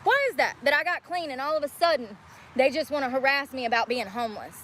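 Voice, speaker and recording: A woman's voice: sits high, quick pace, fairly bright tone, a little hiss or hum. A woman livestreaming outdoors on a street, ranting angrily and swearing, worn out and sore from walking. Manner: profane, combative, ranting. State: weary and in pain from walking. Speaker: homeless livestreamer. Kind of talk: angry livestream rant.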